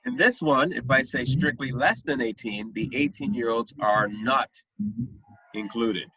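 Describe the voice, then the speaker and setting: A man's voice: medium pitch, unhurried, bright, forceful tone, breathy edge, dry recording. A young man teaching a math lesson online, often checking that his students follow. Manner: patient, checks understanding often. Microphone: computer mic on a video call. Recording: dull, lo-fi video call audio.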